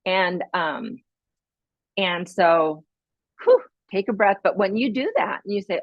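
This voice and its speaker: A woman's voice: medium pitch, expressive, slow pace, long pauses, dry recording. A middle-aged woman hosting a podcast, giving casual parenting advice in a chatty way, laughing often and acting out little scenes. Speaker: podcast host. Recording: dry, dull lo-fi sound.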